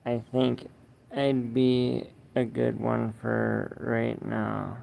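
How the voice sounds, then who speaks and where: A man's voice: medium pitch, completely flat delivery, extremely slow, vocal fry, darkish tone. A young man hosting a casual livestream outdoors under a tree, reading viewer comments aloud in a laid-back, slangy, profane way. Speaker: livestream host.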